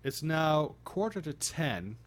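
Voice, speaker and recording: A tired, groggy man chatting casually on his live stream, rambling with halting restarts. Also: on the high side, big pitch swings. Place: home streaming setup.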